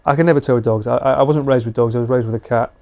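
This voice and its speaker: A man's voice: mid-range voice, steady tone, racing, creaky, mellow. A British man chatting casually and slangily with viewers on a live stream. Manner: chatty, laid-back, slangy.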